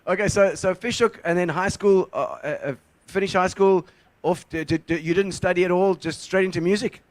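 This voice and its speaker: Guy hosting a chat show, chatty, keeps the questions coming, slightly high voice. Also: moderate pace, no room sound. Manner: chatty, laughs along, prompting questions. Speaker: show host. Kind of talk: casual interview chat.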